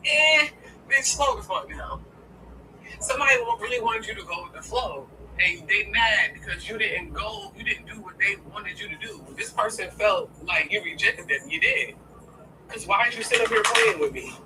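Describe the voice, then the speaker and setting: A woman's voice: medium pitch, moderate pace. A woman giving a casual tarot reading to her viewers, blunt and profane, often asking "okay?". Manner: keeps checking in with "okay?". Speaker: tarot reader. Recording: distant mic with steady background noise.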